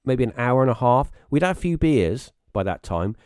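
A very animated British man, speaking at a moderate pace in a smooth, darkish tone, tells rambling personal stories as a casual live-stream guest. He often restarts and acts out quoted voices with sudden high pitch. The recording is clean studio sound with no room sound.

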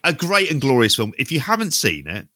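A man's voice: mid-range voice, huge pitch swings, a little fast, pushed and bright, no room sound. A middle-aged man co-hosting a podcast, chatting in a wry, sweary, bantering way. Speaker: podcast co-host. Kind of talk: casual chat.

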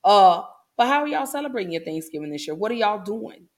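A woman's voice: medium pitch, very animated, a little fast. A woman hosting a casual solo podcast, chatting folksily with her listeners. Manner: chatty, folksy, addresses listeners as y'all and baby. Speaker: podcast host.

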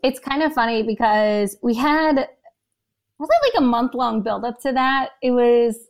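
Emotional woman guest near tears. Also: fairly high pitch. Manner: emotional, talks in quick bursts. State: close to tears. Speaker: podcast guest. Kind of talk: personal story in an interview.

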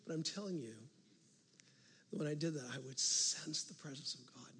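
A male pastor preaching a sermon, telling a story with animated swings from loud to hushed. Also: on the high side, normal speed, slightly rough. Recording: long reverb of a large hall.

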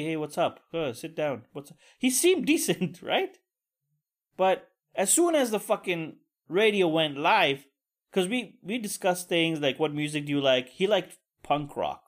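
Profane rambling male podcaster, slightly high. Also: a bit bright. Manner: profane, rambling, vents with crude asides. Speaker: podcast host. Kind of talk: casual solo podcast rant.

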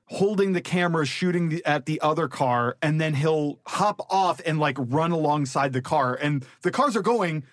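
A man's voice: fairly high pitch, normal speed, few pauses, no echo. Man chatting, dry close sound. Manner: laughing, self-deprecating banter. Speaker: composer guest. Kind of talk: casual podcast chat.

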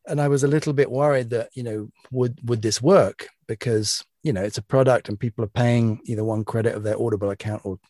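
A British man, an author being interviewed, talking casually with many restarts and repeated words, with a young-sounding, slightly higher voice. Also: steady tone, fairly quick, hardly any pauses, a little mellow, dry recording, clean studio sound. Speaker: author and guest.

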